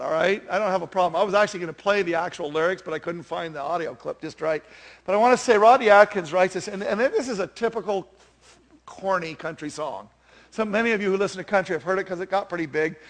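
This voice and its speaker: A man's voice: high voice, quick pace. A man in his fifties preaching a sermon in a chatty, self-deprecating way, telling stories with animation. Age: 50s.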